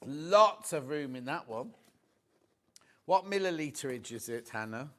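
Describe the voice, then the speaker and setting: Chatty man in his sixties, lively pitch. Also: measured pace. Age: 60s. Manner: chatty, anecdotal, animated storyteller. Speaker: shopping channel presenter. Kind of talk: live TV shopping chat. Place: TV studio.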